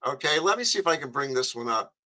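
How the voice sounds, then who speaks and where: A man hosting a radio show, chatting casually and telling animated stories. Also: mid-range voice, fast, rough recording. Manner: chatty storyteller, animated, laughs often.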